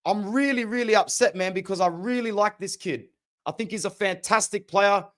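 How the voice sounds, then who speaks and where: A man's voice: high voice, moderate pace. A young man hosting a football podcast, ranting passionately and opinionated in casual slang. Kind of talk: opinionated sports talk.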